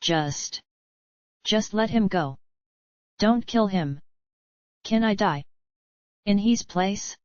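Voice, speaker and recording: A woman voicing a young cyborg girl who pleads with her captor, read slowly from a screenplay. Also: mid-range voice, animated, dry recording. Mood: pleading. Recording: dull lo-fi dry recording.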